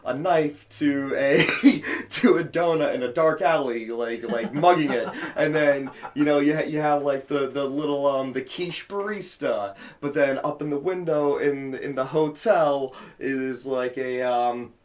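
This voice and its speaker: A man's voice: medium pitch, a little slow, hardly any pauses, slight background noise. Rambling young man, casual podcast chat. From Cleveland area. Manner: loose, rambling, lots of fillers. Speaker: podcast co-host.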